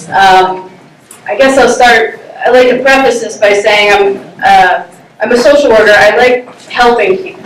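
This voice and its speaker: A woman's voice: on the high side, background noise. A woman telling a personal story on stage in a casual, self-mocking way, laughing often. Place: live stage before an audience. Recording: roomy sound from a distant mic.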